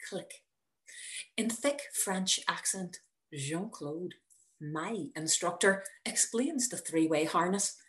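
A woman reading her own personal story aloud in a measured, wry manner. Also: lowish voice, animated, a bit bright. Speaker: narrator.

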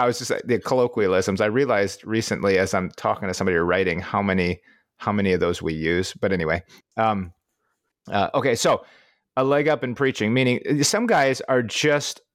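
A man with a Midwestern American accent chats on a podcast in a rather low voice. He rambles, restarts his sentences and laughs often. The sound is close and dry. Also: a little fast, dry recording. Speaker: podcast co-host. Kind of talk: casual chat.

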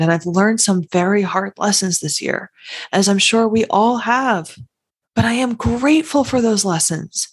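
Husky, heartfelt woman podcast host. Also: mid-range voice. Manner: earnest, heartfelt, emphatic. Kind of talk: solo podcast monologue.

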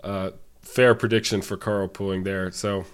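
A man's voice: low voice, little pitch movement, a little slow, clear, resonant tone. A man co-hosting a podcast, sick and congested, who rants with sarcastic exaggeration. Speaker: podcast co-host. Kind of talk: casual ranting chat.

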